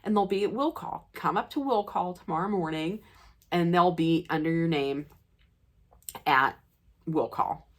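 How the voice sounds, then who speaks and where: A woman's voice: fairly low pitch, measured pace, pauses often. A woman voicing a friendly male hockey goalie in her own voice, casual and helpful on the phone.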